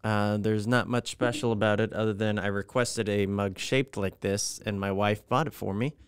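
Young male pastor, clear smooth tone, dry close sound, easygoing podcast banter. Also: on the low side, moderate pace, dry recording. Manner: relaxed, joking, hesitant with fillers. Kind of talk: casual podcast chat.

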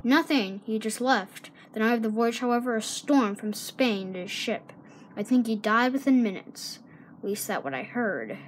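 A woman's voice: fairly high pitch, a little hiss or hum. A woman voicing a weary, determined male pirate captain in an amateur film, speaking in a grave, plain way. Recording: voice over loud orchestral strings.

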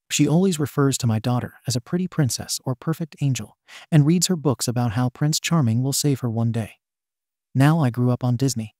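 Mellow-voiced man reading a story. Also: mid-range voice, dry recording, clean studio sound. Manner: reads abbreviations letter by letter. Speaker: narrator. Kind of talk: reading a forum story aloud.

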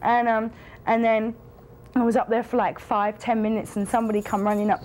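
A woman's voice: on the high side, level tone, a little fast, darkish tone, slight background noise, lightly acted. An actress playing a frank woman telling a long story in a rambling way, full of fillers and swearing. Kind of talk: casual rambling anecdote.

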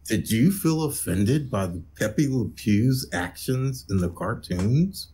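A man's voice: mid-range voice, big pitch swings, slow pace, dark tone, slight background noise. A man in his fifties co-hosting a casual podcast chat, chiming in with short, dry asides. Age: 50s. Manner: brief interjections, dry asides. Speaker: podcast co-host.

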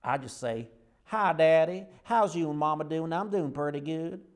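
This actor's voice is on the high side and natural, at normal speed. He's acting in a comedy sketch as a Lebanese patient baffled to find himself talking in a folksy Southern American drawl.

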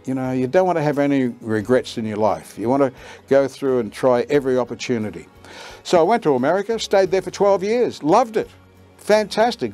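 Lively older Australian man telling stories. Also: mid-range voice. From Queensland, Australia. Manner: lively storyteller who acts out quoted lines with a lifted voice. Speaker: veteran radio announcer and voiceover artist. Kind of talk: reminiscing career story.

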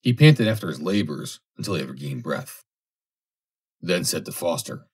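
A man narrating a classic adventure story as an audiobook reader, with steady, measured storytelling. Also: extremely low pitch, breathy edge.

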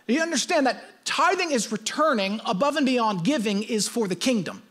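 A man's voice: very high voice, expressive, moderate pace, fairly bright tone. A male pastor preaching, emphatic and teaching, repeating his key points. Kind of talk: sermon.

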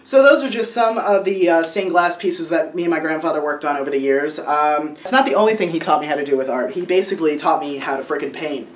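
A man in his twenties vlogs casually at home, showing off family artwork in a rambling, sentimental show-and-tell full of fillers and restarts. His voice sits on the high side and runs fast with hardly any pauses, over slight background noise.

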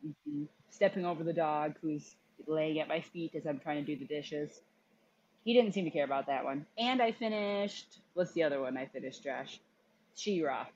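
Outspoken woman cohost chatting, lively and blunt, kinda dull lo-fi audio. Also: low voice, normal speed, a little hiss or hum. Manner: blunt and opinionated, animated. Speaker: podcast co-host. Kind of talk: casual chat.

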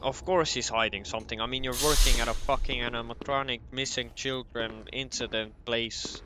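A man's voice: mid-range voice, fairly even intonation, moderate pace, noisy background. A young man doing casual commentary on a horror game, joking and swearing as he talks to the game characters. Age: young adult. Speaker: gameplay commentator.

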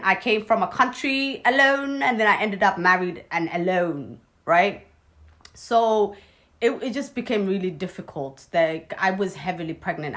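A woman's voice: medium pitch, fairly bright tone. A young woman telling a personal story in a casual vlog, blunt, sarcastic and swearing freely. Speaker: vlogger.

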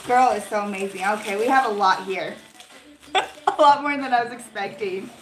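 A young adult woman vlogger chatting casually through an unboxing, gushing and excitable, with lots of 'like' fillers. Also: medium pitch, moderate pace, noisy background. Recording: roomy echo with faint music.

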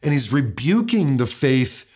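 A man preaching a conversational sermon as pastor, with a casual way of talking that often repeats words and restarts, slowing down to stress the verses he quotes. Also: medium pitch, very animated, a little mellow, slightly rough.

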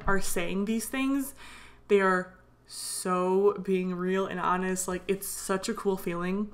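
A tired young woman vlogger in a casual voiceover, rambling excitedly with lots of fillers. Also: on the low side. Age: young adult. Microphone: voiceover mic.

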